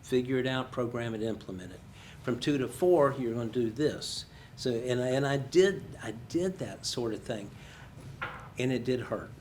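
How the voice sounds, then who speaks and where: Older man telling lively stories. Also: medium pitch, moderate pace, a little hiss or hum. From United States. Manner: storytelling, animated, self-deprecating humor. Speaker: guest speaker. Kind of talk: career conversation with students.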